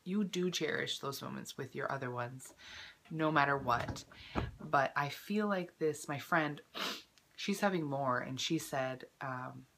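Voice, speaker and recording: Woman, twenties, low pitch, bright tone, chatty vlog, throat-clearing cough. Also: measured pace. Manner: emotional, tearful at times; chatty, many fillers. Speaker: vlogger. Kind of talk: casual personal vlog.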